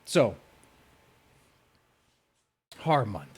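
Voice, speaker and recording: A man's voice: medium pitch, very animated, drawn-out words, darkish tone, slightly rough. A man hosting a casual comedy podcast, who laughs often and stumbles over his words. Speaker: podcast host.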